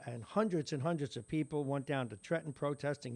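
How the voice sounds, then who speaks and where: Morning radio host, male, New York accent, gravelly, dry close mic, wry asides between headlines. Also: a little high, fairly quick, darkish tone, no room sound. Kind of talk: reading local news with side commentary. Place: radio studio.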